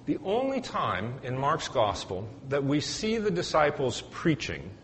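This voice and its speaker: A male priest giving a conversational sermon, retelling stories in a relaxed way with filler words and dry humor. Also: a little high, unhurried. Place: church. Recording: echoey church hall, faint hiss.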